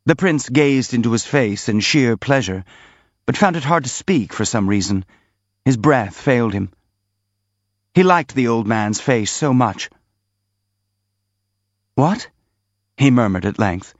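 A male narrator reads classic literature in a measured, expressive manner. His pitch moves freely through each sentence. The recording is dry and slightly dull. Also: no echo. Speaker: audiobook narrator.

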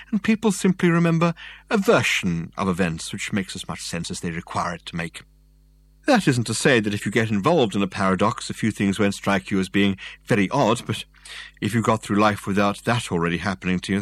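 A man's voice: lowish voice, a little fast, a bit bright, dry recording. A man voicing a genial older male professor explaining things in a rambling way. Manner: chatty, explaining.

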